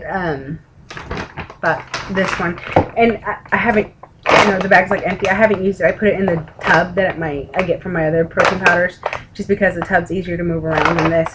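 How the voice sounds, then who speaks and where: A woman with a Texan accent, tired and yawning, chatting casually to camera from home in a rambling way with the odd swear. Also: on the low side. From Texas. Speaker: weight-loss vlogger. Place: home room with an open window. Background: outside noise through the window.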